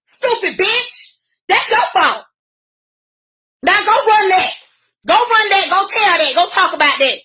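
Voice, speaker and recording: A middle-aged woman from Virginia, ranting loudly and profanely on a live stream. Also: very high-pitched, expressive, unhurried, pauses often. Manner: loud, profane, shouting. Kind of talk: angry live-stream rant.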